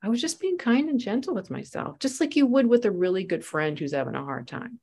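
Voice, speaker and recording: A woman's voice: mid-range voice, brisk. A woman guest on a podcast, a spiritual teacher and life coach, telling personal stories in conversation and acting out the voices she quotes. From United States. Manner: animated storyteller, acts out quoted voices.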